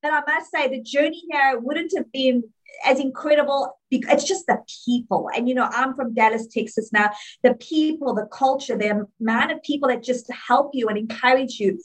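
A woman's voice: high-pitched, normal speed, rough recording. A woman with a South African accent, a podcast guest talking effusively and laughing often in a casual interview. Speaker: podcast guest, jewelry business owner.

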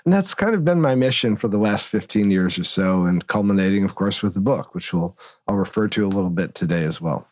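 A man from Northern Illinois, a guest on a podcast interview, telling stories in an animated way with big swings in pitch. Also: a little fast, no room sound. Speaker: guest, agency consultant and author.

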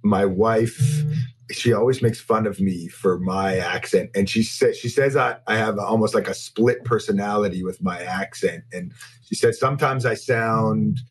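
A man from Canada with a low, husky voice, speaking as a podcast guest. He rambles and restarts his sentences often, in a casual, unhurried way. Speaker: guest, company founder.

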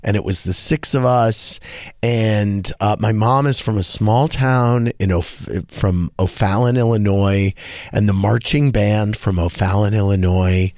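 A man hosting a radio talk show, telling a story in a casual, animated way and acting out the people he quotes. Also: a little slow, no echo, studio quality. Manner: animated, acts out quoted voices in a higher pitch. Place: radio studio.

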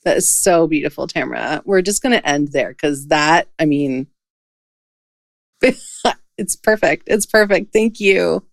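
A woman's voice: low-pitched, expressive, a little slow, creaky, no echo, studio quality. A woman podcast host who gushes, gets emotional and laughs often while interviewing her guests. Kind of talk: casual interview.

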